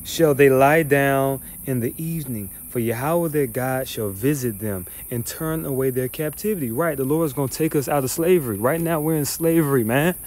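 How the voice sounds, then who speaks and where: A man's voice: mid-range voice, moderate pace, few pauses, darkish tone. A man teaching the Bible verse by verse, reading passages then ranting in a profane, scornful, emphatic way. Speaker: scripture teacher.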